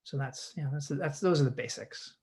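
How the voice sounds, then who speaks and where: A man's voice: fairly high pitch, normal speed, a little mellow. A man, a guest actor, explaining ideas in a conversational teaching chat over a video call, with frequent restarts and repeated words.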